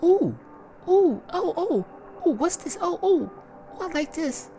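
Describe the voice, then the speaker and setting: A man voicing a furious, unhinged woman getting revenge on a coworker, in a shrill shrieking falsetto. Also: unhurried, soft background music. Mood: delighted.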